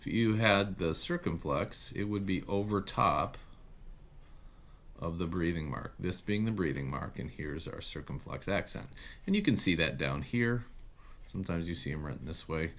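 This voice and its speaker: A man teaching Greek in an online video lesson, talking haltingly with many fillers and self-corrections. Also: deep voice, animated, a bit bright.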